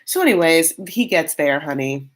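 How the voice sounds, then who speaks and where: A woman's voice: low voice, expressive, moderate pace. A woman hosting a casual reality-show recap, chatty and loose, full of fillers and calling the audience honey.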